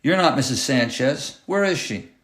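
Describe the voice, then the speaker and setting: A man's voice: mid-range voice, lively intonation, normal speed, fairly bright tone, voice pushed up, natural voice. A man voicing a frightened but defiant seventh-grade boy who stammers as he stands up for his little sister. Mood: scared. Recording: roomy echoey room.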